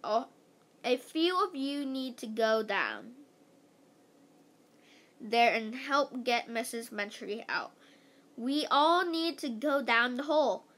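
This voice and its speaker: A woman's voice: a little high, lively intonation, slow pace, pauses often, fairly bright tone. Woman reading as an earnest male teacher. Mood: urgent. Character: earnest grown man, school teacher.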